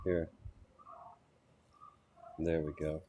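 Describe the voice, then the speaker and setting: A man live-streams as he walks through a small shop and an outdoor street, chatting casually with viewers, talking to animals he meets and laughing often. His rumbling low voice is mellow and level, extremely slow, with a little hiss or hum in the audio.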